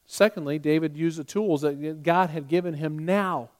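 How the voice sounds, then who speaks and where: A male pastor preaching a sermon, emphatic and swinging between loud passages and hushed ones. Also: fairly high pitch, normal speed.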